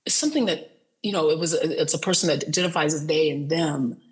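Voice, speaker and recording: A woman's voice: deep voice, fast talker, slightly rough, poor audio. Chatty woman, rambling with many fillers. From United States, raised as military kid. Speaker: guest, film producer and director. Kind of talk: casual interview conversation.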